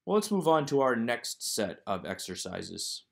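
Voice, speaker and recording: A man's voice: mid-range voice, sing-song, measured pace, vocal fry. A man teaching a recorded Hebrew grammar lesson, walking through workbook exercises one by one in a methodical, explanatory way.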